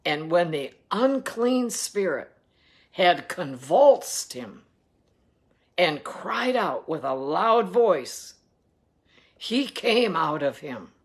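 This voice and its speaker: A woman's voice: low voice, sing-song, extremely slow. A woman reading the Bible aloud and adding earnest devotional commentary that urges listeners to act. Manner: earnest, exhorting. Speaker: Bible reader and devotional teacher.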